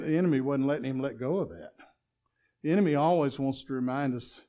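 A man preaching a sermon, swinging between loud exclamations and quiet, chuckling asides. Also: mid-range voice, normal speed, pauses often, dull audio.

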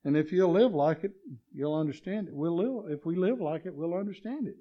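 A man preaching a sermon, swinging between loud exclamations and quiet, chuckling asides. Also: sits high, lively intonation, a little fast, muffled recording.

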